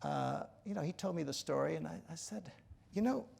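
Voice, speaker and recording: A man's voice: fairly high pitch, animated, brisk, creaky, a little mellow, slightly rough. A man in his sixties, an author giving a lecture, telling a personal story in an earnest, reflective way and often restarting his sentences.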